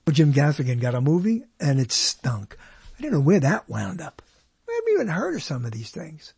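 Husky, animated man hosting a movie countdown. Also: on the high side, normal speed, no echo. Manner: jokey and rambling, corrects himself often. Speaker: host counting down badly reviewed movies. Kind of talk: casual solo commentary.

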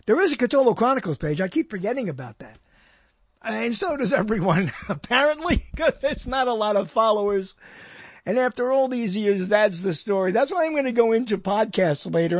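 Older male radio host, high husky voice, rambling and jokey, dry close mic. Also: no room sound. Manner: rambling, jokey, self-deprecating asides. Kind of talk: solo radio talk, rambling.

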